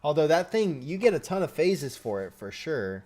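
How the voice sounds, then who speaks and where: A man's voice: fairly high pitch, very animated, moderate pace, darkish tone. A man hosting a casual live stream, chatting with viewers and reacting as he goes.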